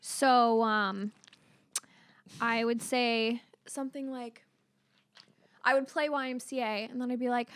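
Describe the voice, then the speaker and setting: Female podcast co-host, fairly high voice, chatty anecdotes, dry mic. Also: steady tone, slow, pauses often, a bit bright, clean tone, no room sound. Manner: storytelling, laughing, reacts with short interjections. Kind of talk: casual chat.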